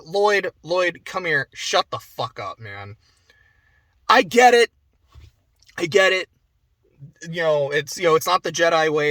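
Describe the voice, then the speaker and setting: A young man giving a casual spoken game review, animated, swearing and going off on asides. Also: high-pitched, dry recording. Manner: animated, swears, laughs often, trails off into asides.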